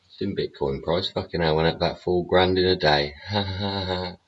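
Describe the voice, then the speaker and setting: Gruff, deep-voiced sweary man ranting. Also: steady tone, normal speed. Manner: heavy swearing, blunt and sarcastic. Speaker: show host. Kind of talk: ranting livestream commentary. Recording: dull lo-fi audio.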